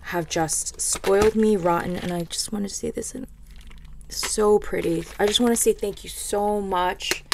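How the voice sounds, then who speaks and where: A woman's voice: medium pitch, fairly even intonation, unhurried, creaky, noisy background. A woman hosting a craft vlog, gushing and rambling as she unboxes a package of handmade gifts. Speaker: craft video host. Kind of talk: casual unboxing chat.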